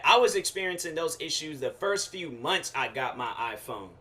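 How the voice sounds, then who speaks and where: A young man hosting his own show, telling a casual slangy rant with lively quoted asides. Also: fairly high pitch, moderate pace, hardly any pauses. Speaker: show host.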